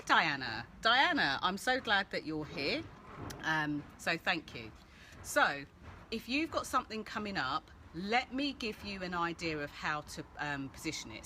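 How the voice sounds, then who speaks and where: A woman hosting a casual live-stream Q&A, chatty and animated, greeting viewers by name as she gives coaching tips. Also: medium pitch. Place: outdoors-adjacent room with street noise. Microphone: phone or laptop live stream. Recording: faint background street noise.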